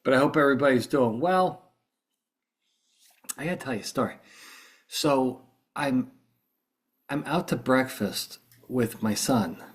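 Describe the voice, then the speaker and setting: A middle-aged American man hosts a podcast in a groggy, just-woke-up state, chatting and rambling with many restarts. His husky, mid-range voice keeps a measured pace broken by long pauses.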